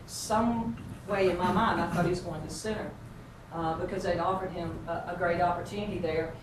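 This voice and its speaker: A woman's voice: fairly low pitch, steady tone, normal speed. A woman, a basketball coach giving an earnest, folksy motivational speech. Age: 50s. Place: large hall with an audience. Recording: echoey hall, far-off mic, noisy.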